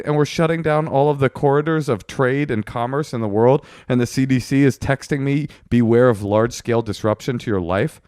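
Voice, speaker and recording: A man's voice: medium pitch, brisk, few pauses, darkish tone, clean tone, no echo, studio quality. A man co-hosting a relationship podcast in casual, teasing, argumentative banter. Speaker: podcast co-host.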